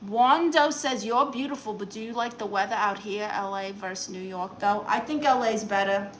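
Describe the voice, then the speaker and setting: A woman's voice: mid-range voice, normal speed, slight background noise. A woman with a Brooklyn accent reading live chat comments aloud and answering them with sassy, teasing banter in a brash aunt persona.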